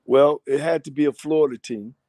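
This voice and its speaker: Laid-back coach, dry sound. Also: male voice, on the high side, a little fast, warm tone, no echo. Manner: laid-back, short plain answers. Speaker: football coach, guest. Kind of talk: casual sports chat.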